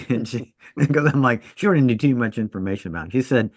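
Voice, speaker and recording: A man's voice: medium pitch, fast talker, a little mellow, no room sound. A man co-hosting a podcast, a trauma surgeon telling stories in casual chat and laughing at his own jokes.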